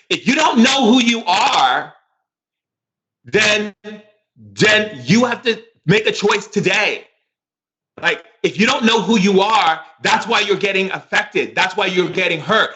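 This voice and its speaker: A man's voice: a little high, bright, forceful tone. A man giving a motivational spiritual talk as a shamanic teacher, emphatic and repetitive like a preacher, openly emotional. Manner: emotional, effusive.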